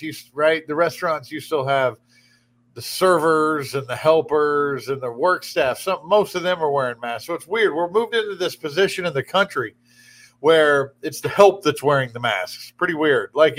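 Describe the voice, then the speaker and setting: A man's voice: a little high, animated, moderate pace, fairly bright tone. A man hosting a radio talk show from a studio, chatting casually and rambling, often restarting his sentences. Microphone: studio broadcast microphone.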